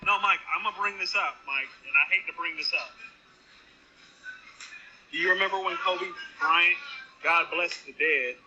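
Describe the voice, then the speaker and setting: A man's voice: on the high side, normal speed, pauses often, faint music behind. A man co-hosting a casual talk show over a remote call, talking emphatically and repeating himself for weight. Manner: emphatic, animated, repetitive. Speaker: podcast co-host on a remote call. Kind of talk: casual hip-hop discussion. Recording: dull echoing remote line with faint noise.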